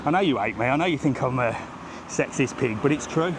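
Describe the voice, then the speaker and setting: The man, middle-aged, vlogs live as he walks a sunny seafront street, speaking into his handheld phone in a jokey, ranting way and a bit out of breath. His medium-pitched voice is animated and fairly quick, and background noise is audible.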